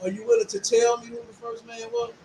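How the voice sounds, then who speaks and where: A man's voice: very high voice, very animated, quick pace, gravelly, dark tone, slight background noise, rough recording. A man on a debate panel, combative and repeating his demands. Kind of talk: heated live debate.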